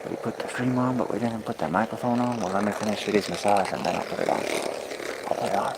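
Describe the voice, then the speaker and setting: A man's voice: on the low side, quick pace. A man livestreaming at home, massaging his dogs and talking to them in playful rhyming singsong, with coaxing commands to the pets. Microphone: phone microphone on a stream. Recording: clear background noise.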